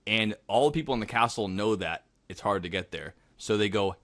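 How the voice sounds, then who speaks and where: A man co-hosts a casual podcast, spinning a story with animated energy. His voice is bright and forceful. The recording is dry and close, and he throws himself into quoting the characters. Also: fairly low pitch, fairly quick, no echo. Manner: animated, acts out quotes in voices. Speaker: podcast co-host.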